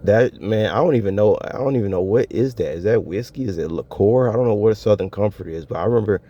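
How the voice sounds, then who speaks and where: Laid-back man, dark lo-fi voice. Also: on the low side, fast. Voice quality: laid-back, laughing often, slangy. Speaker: vlogger. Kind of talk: casual monologue to viewers. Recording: dull lo-fi audio.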